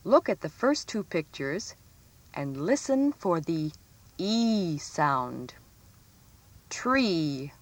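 A woman reading a scripted phonics lesson for children, stressing each example word clearly. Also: deep voice, sing-song, no echo. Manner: slow, clearly enunciated, sing-song emphasis on example words. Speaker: teacher.

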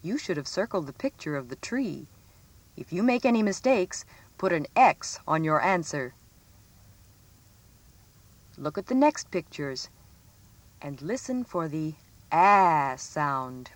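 A woman reading a scripted phonics lesson for children, stressing each example word clearly. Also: low voice, very animated, dry recording. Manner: slow, clearly enunciated, sing-song emphasis on example words. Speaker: teacher.

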